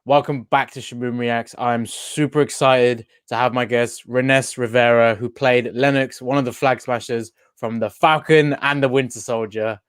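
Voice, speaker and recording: A man's voice: mid-range voice, steady tone, moderate pace, few pauses, smooth, dry recording, clean studio sound. A man hosting a casual online interview, upbeat and chatty, often laughing. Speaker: host. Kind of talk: casual video-call interview.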